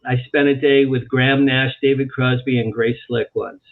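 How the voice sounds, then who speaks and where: A man, an author guest on an interview show, telling animated anecdotes and repeating phrases for emphasis. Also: medium pitch, normal speed. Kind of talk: storytelling in a talk-show interview. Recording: tinny phone-like line.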